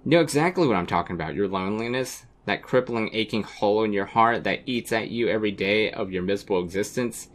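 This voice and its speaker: A man's voice: fairly low pitch, fast, hardly any pauses, natural voice. A man voicing a cruel, contemptuous young woman on a blind date, reading game dialogue aloud in a cold, relentless way. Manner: cold, cutting, relentless insults.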